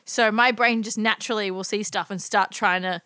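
A woman's voice: mid-range voice, steady tone, fairly quick, pushed and bright, no echo. A woman co-hosting a casual chat who giggles often and shares stories about her day. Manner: giggly, chatty. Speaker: podcast co-host.

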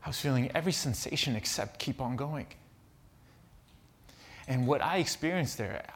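A man's voice: medium pitch, lively intonation, normal speed, pauses often. A man preaching a sermon, telling a personal story and turning it into earnest reflection. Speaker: pastor.

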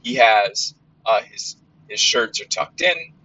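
A man's voice: medium pitch, lively intonation, slow, pushed and bright, dull audio. A man hosting a podcast in a casual monologue, blunt and rambling, with lots of fillers and some swearing. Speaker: podcast host.

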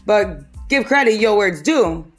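A woman hosting a podcast, riffing in a casual comedic way, animated and jokey, often slipping into quick impressions. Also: medium pitch, faint music behind. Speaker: podcast host.

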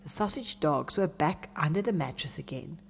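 Expressive woman reading a children's story. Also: low voice, normal speed, vocal fry, slightly rough. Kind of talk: children's story read-aloud. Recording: long reverb.

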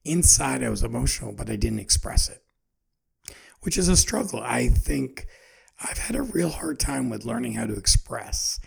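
A man's voice: medium pitch, animated, moderate pace, vocal fry. A man in his forties, hosting a podcast, talking in a rambling, earnest, self-searching way about his feelings. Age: 40s. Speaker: podcast host. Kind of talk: personal reflective monologue.

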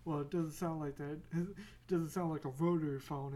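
A woman hosts her own podcast in a casual solo chat, rambling, going off on tangents, swearing freely, and joking about herself. Her voice is deep and dark, with a steady tone and a fairly quick pace.

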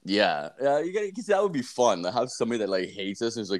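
Speaking fast in a sing-song, medium-pitched voice, this young podcast co-host curses nonstop and laughs as he acts out stories in casual conversation.

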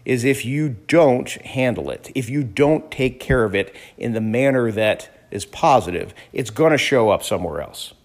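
A man's voice: mid-range voice, expressive, normal speed, few pauses. A man in his thirties, a father telling a story in a casual, conversational way, with frequent restarts. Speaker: father talking to camera. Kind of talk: casual vlog monologue.

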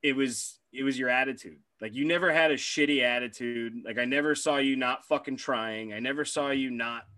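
A man co-hosting a podcast and telling animated, profane stories about his hockey days. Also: mid-range voice, a little fast, hardly any pauses, no echo. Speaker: podcast co-host, former hockey player. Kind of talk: casual podcast chat.

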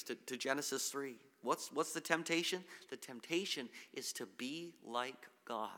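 Male pastor preaching, sharp bright tone, earnest and halting, echoing hall sound. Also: on the high side. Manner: earnest preaching with many restarts and repeated words. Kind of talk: sermon. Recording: long hall reverb.

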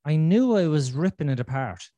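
Animated, frank-talking middle-aged man. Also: fairly high pitch, normal speed, no echo, highs cut off. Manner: frank, swears freely, animated retelling. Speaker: podcast host. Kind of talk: candid conversational storytelling.

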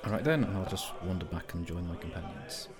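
A man's voice: low voice, expressive, brisk, a crowd in the background. A man playing a tabletop role-playing game in character, playful and chatty with many asides. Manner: playful, lots of asides and restarts.

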